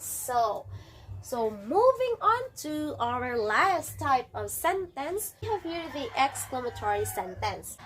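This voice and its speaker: A woman teaching a grammar lesson to a class, repeating and restarting phrases as she explains. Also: high-pitched.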